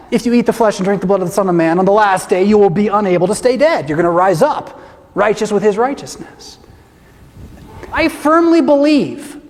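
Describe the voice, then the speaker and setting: A middle-aged pastor giving an animated, emphatic talk to a church audience, often tossing in rhetorical questions. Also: male voice, high voice. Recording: long reverb of a large hall.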